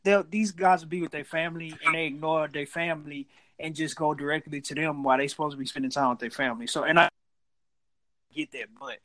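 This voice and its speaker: Measured man talking sports. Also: a little high, fairly even intonation, sharp tone, poor audio. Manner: measured, weighs both sides with "you know". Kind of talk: casual sports chat.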